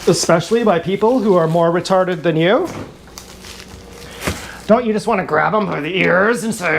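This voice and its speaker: A woman's voice: lowish voice, normal speed, gravelly, pauses often. A woman talking in a rambling, improvised livestream monologue, blunt, sarcastic and mocking herself. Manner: wandering, half-improvised talk. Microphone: action camera.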